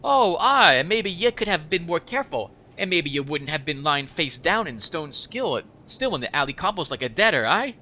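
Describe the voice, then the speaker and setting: A man voicing a sharp-tongued young half-demon woman, speaking higher and trying a rough brogue. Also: very animated, normal speed, few pauses, muffled recording. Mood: scornful.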